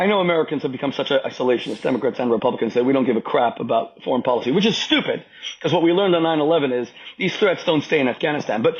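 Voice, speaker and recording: On a muffled recording, a man with a fairly high voice, a rabbi appearing as a podcast guest, argues politics in a heated conversation. He's emphatic, repeats himself for stress, and talks over others when they interrupt.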